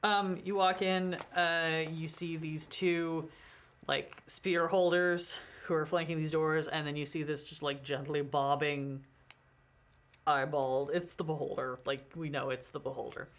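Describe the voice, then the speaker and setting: A woman's voice: low voice, fairly even intonation, unhurried, a little hiss or hum. A woman narrating as game master of a tabletop game, chatty, with many fillers.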